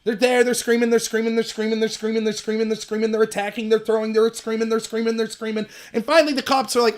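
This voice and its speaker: A man's voice: level tone, quick pace, few pauses. A man hosting a solo political commentary livestream, ranting emphatically and mocking opponents while reading out chat messages. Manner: sarcastic, mocks opponents in high shrill voices; reads and answers live chat.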